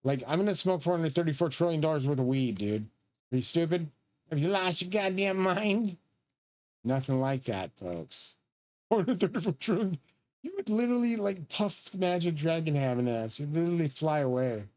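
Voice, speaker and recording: A man rambling in a profane, excitable way while he plays a game and comments. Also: fairly high pitch, normal speed, muffled recording. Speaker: game streamer.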